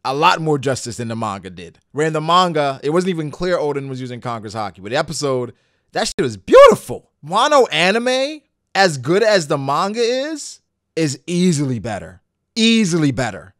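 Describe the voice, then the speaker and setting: A man hosting a reaction channel, giving excitable, profane live commentary that breaks into shouts. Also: on the high side, normal speed, no room sound, clean studio sound. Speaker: anime reaction channel host.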